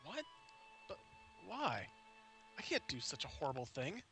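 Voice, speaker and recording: A man's voice: a little high, wildly swooping pitch, a little slow, sharp tone, soft background music, heavily acted. A man voicing a loyal male rebel fighter from a video game, reading the lines in a plain, earnest way. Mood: upset. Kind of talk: reading game dialogue aloud.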